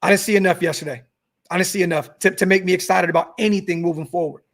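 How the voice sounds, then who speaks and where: A man's voice: high-pitched, steady tone, fast talker. A young man hosting a sports podcast livestream, fired up and cursing as he reads out chat messages and repeats himself. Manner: fired-up, swears, repeats words, reads superchats aloud. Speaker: podcast host reading live chat. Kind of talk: animated sports talk livestream.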